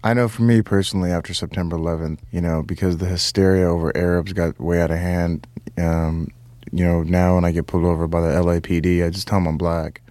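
Low-voiced man, deadpan jokes. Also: fast, dry recording. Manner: deadpan joke delivery, laughs at own lines. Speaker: comedian guest. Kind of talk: radio interview conversation.

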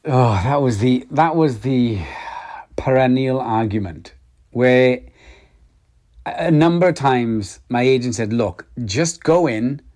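A man's voice: medium pitch, takes it slowly, long pauses, a little mellow. A middle-aged Welsh man, an actor being interviewed, speaking reflectively with frequent hesitations and restarts. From Wales. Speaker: actor guest. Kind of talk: interview conversation.

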